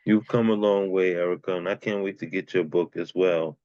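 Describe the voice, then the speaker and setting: A man hosts the open mic in a very deep voice, relaxed and affectionate, with plenty of easy fillers. His sound is dull and muffled, as if it came through a modest mic, and it is completely dry, with no room around it. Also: fairly quick, no room sound. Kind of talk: casual hosting chat.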